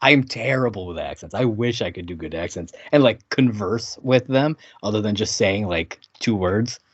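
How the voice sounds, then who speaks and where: Laid-back low-voiced man in dry, dull audio. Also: normal speed, slightly rough, no echo. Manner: laid-back, laughs often, trails off with fillers. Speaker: podcast co-host. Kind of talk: casual chat.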